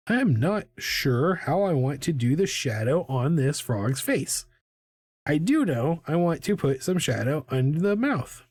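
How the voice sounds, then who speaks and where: A talkative streamer in their thirties rambles through a drawing session, trips over repeated words and leans on "like" between thoughts. The voice sits at a middle pitch and is recorded close and dry, with almost no room sound. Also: a little mellow, dry recording. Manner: chatty and self-deprecating, many fillers and repeated words, hums and laughs. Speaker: live-streaming artist. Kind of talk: rambling casual chat while drawing.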